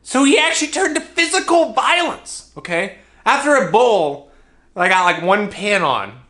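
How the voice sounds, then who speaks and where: A man's voice: high-pitched, very animated, moderate pace, bright, forceful tone. A young man telling a comedic childhood story in a vlog, exaggerating and laughing at his own jokes.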